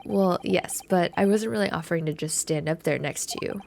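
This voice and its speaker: A woman's voice: fairly low pitch, a little fast, creaky, a little mellow, a little hiss or hum. A woman voicing an earnest, nervous young male law student, polite and flustered, in a game playthrough. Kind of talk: video game voice-over playthrough.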